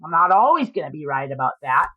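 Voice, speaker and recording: With a deep voice that swings widely in pitch, a woman talks quickly through her poker hands on a livestream. Her commentary is jokey and profane. The lo-fi sound is dry and slightly dull, without any room sound.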